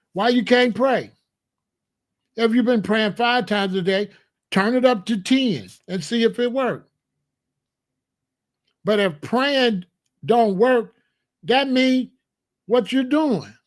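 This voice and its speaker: A man's voice: high voice, expressive, slow pace, pauses often. A man hosting a comedic monologue, preachy and full of rhetorical questions. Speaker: comedian host.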